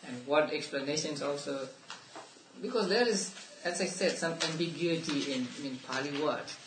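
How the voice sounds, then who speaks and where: Male Buddhist teacher, fairly high voice, halting study-class delivery, distant mic in an echoey room. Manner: halting, with many restarts and soft laughs. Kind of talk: explaining a text to a study class. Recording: roomy, distant mic, faint room noise.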